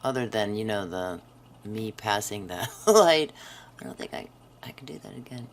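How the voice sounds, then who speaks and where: A woman hosting a craft video, chatting to viewers while she swatches pens and dropping into soft half-whispered asides. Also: rumbling low, lively intonation, moderate pace, a little hiss or hum. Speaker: craft channel host. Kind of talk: casual swatching narration.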